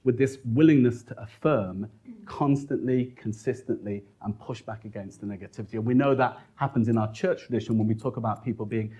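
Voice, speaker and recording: Lecturer, male, husky voice, animated storyteller in a Q&A. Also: medium pitch, brisk. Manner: animated storytelling, acts out quotes, laughing asides.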